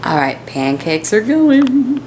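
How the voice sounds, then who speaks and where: A woman's voice: a little high, sing-song, takes it slowly, a little mellow, slight background noise. A young woman chatting cheerfully through a home vlog. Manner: chatty, cheerful, talks to her pets in baby talk. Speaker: vlogger. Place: home kitchen and living room.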